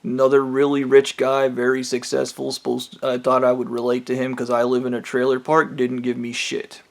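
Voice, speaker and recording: A man at a middle pitch talks in a rough, gravelly voice. He rambles through a bitter personal monologue, profane and scornful. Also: completely flat delivery, brisk. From United States. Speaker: vlogger. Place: trailer park home.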